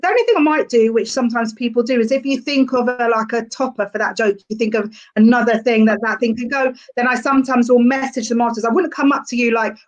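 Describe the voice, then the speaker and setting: Young woman comic, chatty and meandering, a touch high-pitched. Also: fairly even intonation, quick pace, hardly any pauses. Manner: chatty, rambling with fillers. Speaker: stand-up comedian, podcast guest. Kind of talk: casual podcast chat.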